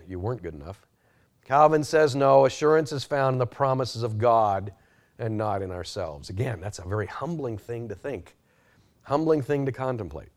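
A man's voice: mid-range voice, a little mellow. A man teaching a sermon-style class, earnest and emphatic, with frequent restarts and sudden emphatic peaks. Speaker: pastor or Bible teacher.

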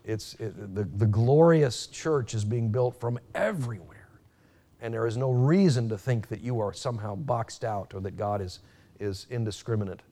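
A man preaching a sermon, emphatic, rising sharply when quoting and dropping low and quiet at key points, with frequent restarts. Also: moderate pace. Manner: frequent restarts and fillers while teaching.

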